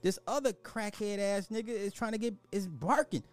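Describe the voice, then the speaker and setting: A man's voice: high-pitched, normal speed, no echo. A man hosting a podcast, giving blunt, exasperated casual commentary, often restarting his sentences. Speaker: podcast host.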